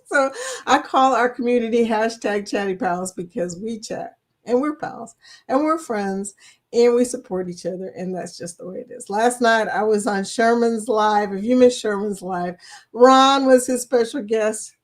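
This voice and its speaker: A woman's voice: on the high side, moderate pace. A woman from Kentucky with a Kentucky accent, hosting a live chat stream, who talks in a chatty, teasing way and laughs often. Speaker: livestream host. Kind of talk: casual chat greeting viewers.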